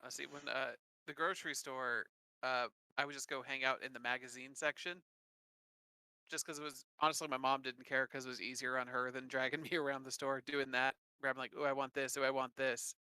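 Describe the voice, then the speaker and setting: A man's voice: mid-range voice, flat delivery, fairly quick, bright, forceful tone, clear, resonant tone, dry recording. A young man sharing a childhood memory in casual chat, easygoing and wry. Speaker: podcast co-host.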